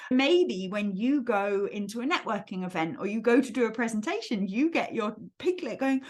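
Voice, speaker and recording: A woman hosting a solo coaching podcast, explaining ideas in an animated, expressive, friendly way. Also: fairly high pitch, normal speed, few pauses. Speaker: academic life coach host.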